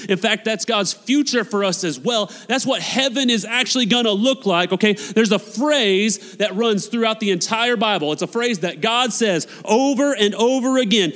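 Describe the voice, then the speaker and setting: A man preaching a sermon as a pastor, passionate and swinging between loud appeals and hushed, quiet lines. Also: high-pitched. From United States. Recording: long hall reverb.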